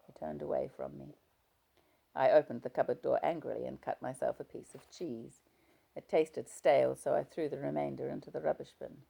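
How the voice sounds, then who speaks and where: A woman's voice: very deep voice, fairly even intonation, moderate pace, vocal fry, dark tone, breathy edge. A woman reading a novel aloud, narrating in first person. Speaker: audiobook reader.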